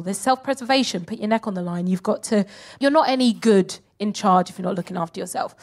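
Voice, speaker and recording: A young woman performing a stand-up comedy set with lively, animated delivery and free swearing. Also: mid-range voice. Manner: animated, swears freely, acts out mocking voices. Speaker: comedian co-host. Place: live venue with audience.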